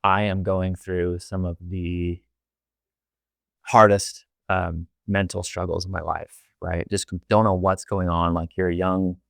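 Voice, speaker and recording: Young male podcast guest, deep and gravelly, candid and rambling, dry close mic. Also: level tone, unhurried, fairly bright tone, dry recording. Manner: candid, rambling, heavy use of filler "like". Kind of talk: casual interview storytelling.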